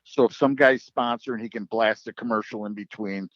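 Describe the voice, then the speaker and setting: Lively low-voiced man, announcer. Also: brisk, no room sound, highs cut off. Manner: animated storyteller acting out quoted voices. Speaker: drag racing track announcer. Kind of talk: casual podcast storytelling.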